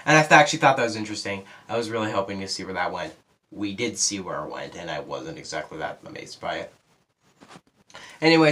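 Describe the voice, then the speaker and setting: A teenage boy giving a casual spoiler review of a movie, rambling with lots of fillers and quick asides. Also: medium pitch, sharp tone. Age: teens.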